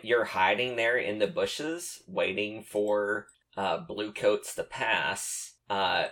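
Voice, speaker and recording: A man running a tabletop game as game master, talking in a relaxed, halting way. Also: on the low side, vocal fry.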